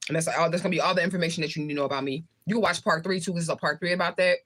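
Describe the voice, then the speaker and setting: She's a Southern US livestreamer chatting with viewers and eating while she rambles loosely. Her voice sits on the low side, fairly bright, with fairly even intonation and a very fast pace.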